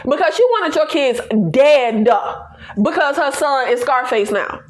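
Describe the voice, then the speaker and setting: A high-pitched woman with a very lively, swooping voice chats through a TV recap. She laughs often and speaks in an animated, slangy, playful way, with in her talk. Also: measured pace. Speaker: TV recap reviewer. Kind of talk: casual review chat.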